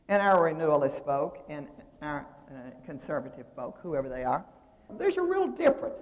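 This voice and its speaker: A woman's voice: on the low side, darkish tone. Woman lecturing in a reverberant hall. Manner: conversational, digressive, with frequent fillers and restarts. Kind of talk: seminary lecture presentation.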